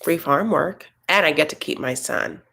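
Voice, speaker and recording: A man voicing a domineering, scheming older farm mother in a hushed, whispery, slow, conniving tone. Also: a little high, lively intonation, creaky, full character voice.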